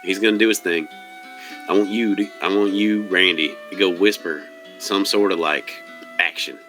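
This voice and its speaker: A man narrating a tabletop game as game master in a loose, rambling way, switching quickly between characters' lines. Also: deep voice, steady tone, fairly bright tone, soft background music.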